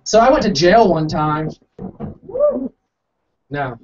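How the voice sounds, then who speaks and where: A young man with a slightly high voice tells a long, rambling stand-up story, mocking himself and acting out each quoted line. He sounds far from the mic on a dull, lo-fi recording with faint room noise behind him. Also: animated, slow pace. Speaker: stand-up comic. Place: small coffee house stage.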